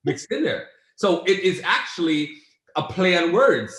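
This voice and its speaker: A man's voice: sits high, big pitch swings, a little slow, a bit bright. A male host leads a casual interview, encouraging his guest. He often sums up her points in his own words. His voice carries a noticeable roomy echo.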